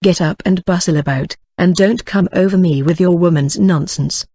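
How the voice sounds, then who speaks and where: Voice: medium pitch, moderate pace, dark tone, breathy edge, no echo, dull audio. A reader doing Sykes, a growling brute. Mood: gruff. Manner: growling, savage. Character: brutal, surly adult male housebreaker.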